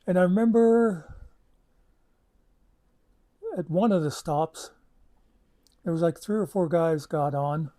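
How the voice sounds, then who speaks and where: A man's voice: a little high, slow pace, long pauses, warm tone. A man telling a long personal story in a casual, rambling way, with many asides and fillers. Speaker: channel host.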